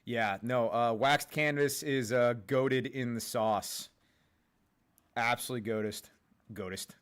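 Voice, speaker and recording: A man's voice: mid-range voice, a little slow, clear, resonant tone. A young man hosting a livestream, rambling casually, swearing a lot and laughing often at his own jokes. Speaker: livestream host.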